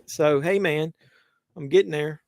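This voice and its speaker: A man's voice: on the high side, unhurried, gravelly, a little mellow, dry recording, clean studio sound. A man hosting a live movie watch-along, rambling conversationally with many fillers and restarts. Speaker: host.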